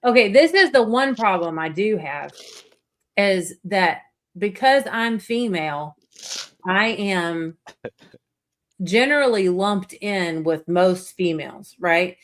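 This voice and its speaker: A woman's voice: medium pitch, expressive, takes it slowly, fairly bright tone. A middle-aged woman hosting a casual chat, talking bluntly and emphatically with frequent swearing. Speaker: podcast host.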